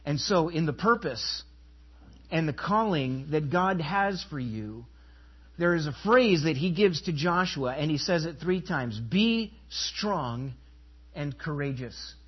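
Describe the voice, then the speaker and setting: A pastor delivering an emphatic sermon, asking the congregation rhetorical questions and inviting them to respond. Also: male voice, on the high side, lively intonation, a little slow, husky, muffled recording.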